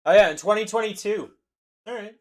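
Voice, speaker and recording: A man's voice: high-pitched, a little fast. Joking young man hosting a card break. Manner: loose, joking banter while calling out cards. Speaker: card-break livestream host. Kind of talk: casual live-stream chat.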